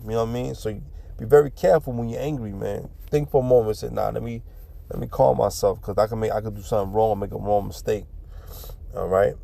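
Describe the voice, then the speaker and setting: A man with a medium-pitched, dark voice teaches scripture in an informal, street-talking manner. He reads verses aloud and then explains them bluntly, swearing and repeating himself often.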